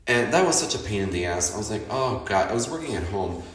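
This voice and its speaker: A man's voice: fairly low pitch, lively intonation, fast talker, reverberant, far from the mic. A man hosting his podcast in a casual, candid monologue, chatty and frank, laughing often and swearing freely. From Chicago. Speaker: podcast host.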